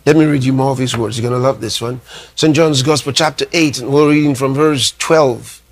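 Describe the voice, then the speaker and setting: A man preaching a sermon, emphatic, repeating his phrases and reading scripture slowly. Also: medium pitch, fairly even intonation. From Nigeria. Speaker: pastor.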